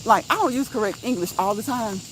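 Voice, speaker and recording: A woman's voice: on the high side, fairly quick, a little hiss or hum, low-quality recording. A woman hosting a live walk-and-talk stream outdoors, chatting casually, laughing often and reading viewer comments aloud. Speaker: livestream host. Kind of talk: casual live chat while walking.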